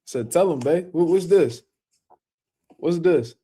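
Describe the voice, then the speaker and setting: A man's voice: fairly high pitch, expressive, takes it slowly, mellow, husky. A man hosting a casual boxing livestream, talking loosely in slang and speaking to viewers in the chat.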